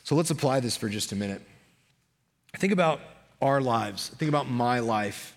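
Male pastor, mid-pitched, conversational and fired-up sermon delivery, hall reverb. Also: moderate pace. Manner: energetic, conversational preaching with frequent restarts.

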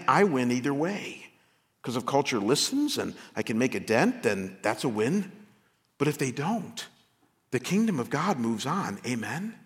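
A man preaching a sermon as pastor, impassioned, climbing to near-shouted peaks and then dropping low and quiet. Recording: long reverb of a large hall.

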